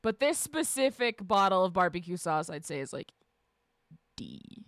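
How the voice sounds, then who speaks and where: A woman streamer chatting casually with her live chat, swearing freely, laughing often and shouting out greetings. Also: fairly low pitch, big pitch swings, normal speed, no room sound, studio quality. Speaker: livestreamer reading and answering chat.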